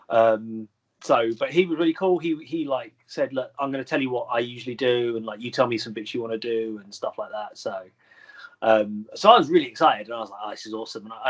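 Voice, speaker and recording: A man's voice: medium pitch, slightly rough. A man in his thirties, a wrestler guest telling stories in a rambling, filler-heavy way and laughing at his own stories. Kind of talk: casual storytelling chat.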